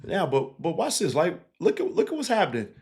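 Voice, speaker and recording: A man, a basketball coach, casually breaking down game film, animated and laughing easily, tagging points with 'right?'. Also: high voice, fast talker, vocal fry, crowd noise. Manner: animated, keeps checking in with 'right?' and 'again'; laughs easily while explaining.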